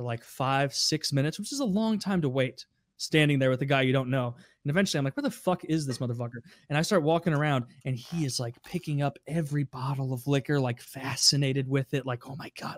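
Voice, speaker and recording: A man's voice: fairly high pitch, dry recording, clean studio sound. A man on a podcast, telling casual, profane anecdotes with a wry edge. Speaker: podcast regular. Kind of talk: casual storytelling.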